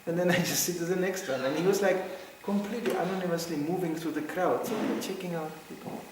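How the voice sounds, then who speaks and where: Speaking quickly in a voice that sits high, a middle-aged man entertains a devotional gathering with anecdotes, laughing a lot and performing people's lines. The room is very echoey, the mic is distant, and there's background noise.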